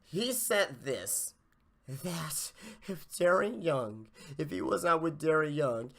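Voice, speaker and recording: Male podcast host, ranting review, cursing freely, bright voice, lively pitch swings. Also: takes it slowly, vocal fry. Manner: profane, exasperated ranting. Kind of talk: casual wrestling review rant.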